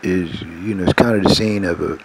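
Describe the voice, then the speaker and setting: Low, gravelly man telling a rambling testimony. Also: fairly even intonation, fairly quick, heavy background noise. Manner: meandering, self-correcting, repeats "long story short". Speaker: spiritual storyteller. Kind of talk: rambling personal spiritual testimony.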